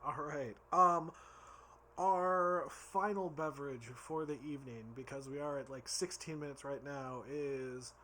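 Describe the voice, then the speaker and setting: A man's voice: a little high, steady tone, measured pace, bright, forceful tone, slight background noise. A tipsy man rambling and giggling as he reviews drinks in a casual vlog, stumbling over his words.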